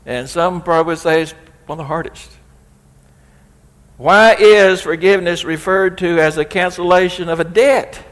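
A man's voice: high voice, moderate pace, fairly bright tone. A man preaches in a slightly raised voice, pressing his points with rising emphasis and reading scripture aloud. His words ring out with a long reverb, as in a large hall. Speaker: pastor. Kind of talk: sermon.

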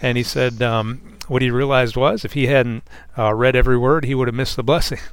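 A man's voice: medium pitch, steady tone, fairly quick, smooth, dry recording. A man on a Bible discussion panel speaking earnestly and reflectively, often repeating words as he gathers his thoughts.

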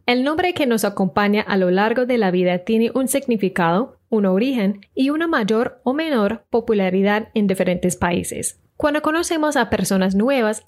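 Bilingual woman teacher hosting a podcast. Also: on the high side. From United States. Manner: friendly, clear explaining, switches between English and Spanish. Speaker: English teacher, podcast host.

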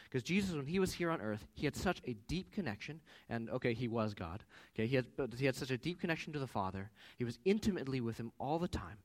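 A man in his thirties preaching a sermon in a conversational way, mixing in personal stories. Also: mid-range voice. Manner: animated, conversational with personal anecdotes. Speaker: pastor.

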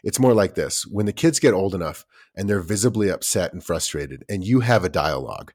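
A man co-hosting a podcast in casual chat, animated and acting out little quoted voices, with many fillers and restarts. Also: deep voice, brisk. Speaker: podcast co-host.

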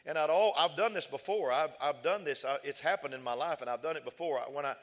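A man's voice: on the high side, quick pace, big-room sound. A man preaching a sermon and telling a funny personal story, repeating phrases for emphasis. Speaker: pastor.

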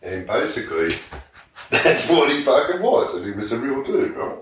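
A man's voice: mid-range voice, very animated, normal speed, a bit bright. An Australian man hosting a podcast, telling crude comic stories, swearing and laughing as he acts out voices. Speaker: podcast host. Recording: echoey room, distant mic, faint noise.

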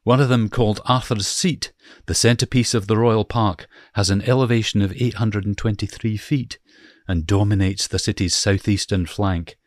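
A man putting on a Scottish accent to read a descriptive passage aloud, slow and deliberate. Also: on the low side, steady tone, dry recording, clean studio sound, natural voice. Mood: reciting. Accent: put-on Scottish.

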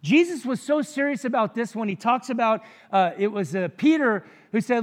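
A man's voice: very high voice, animated, normal speed, few pauses, in a large hall. A man preaching a sermon as pastor, conversational and jokey, with frequent asides to the congregation.

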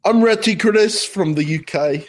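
A man's voice: sits high, unhurried, pitched above the performer's own voice. A man voicing a chipper mock English bloke in an exaggerated, sing-song fake accent. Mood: cheeky.

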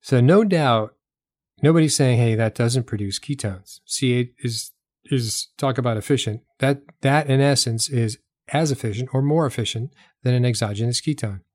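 A man's voice: mid-range voice, moderate pace, darkish tone, dry recording. Emphatic man with a dry, close sound. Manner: emphatic, repeats points for effect, rhetorical questions. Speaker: health talk host selling products. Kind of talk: casual explanatory talk.

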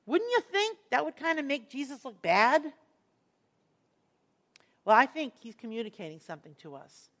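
A woman teaching a Bible passage, earnest and emphatic, slowing down to stress key words as she explains the verses. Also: on the high side, sharp tone.

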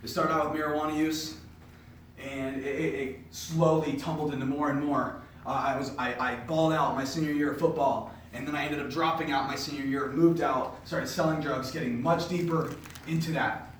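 A young man with a fairly high voice tells his faith story as an animated, casual storyteller. He speaks in a very echoey room, picked up from a distance. A faint hiss sits under his voice. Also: normal speed. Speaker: podcast host giving a faith testimony. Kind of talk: personal testimony speech. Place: indoor room with an audience. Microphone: distant mic.

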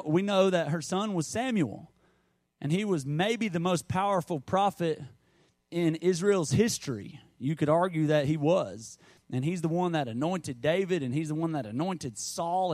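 Guy preaching, chatty storyteller, kinda high voice, dry close mic. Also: darkish tone, no echo. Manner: conversational preaching, storytelling with asides. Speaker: pastor. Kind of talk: sermon.

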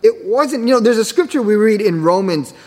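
Male pastor, slightly high voice, emphatic sermon, long hall reverb. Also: animated, a little fast, darkish tone. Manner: emphatic preaching with rhetorical questions.

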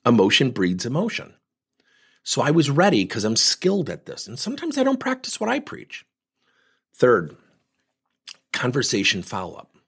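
A man who coaches and trains people in workplace talk, telling stories in an animated way and acting out the dialogue. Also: mid-range voice, normal speed, creaky, long pauses, husky.

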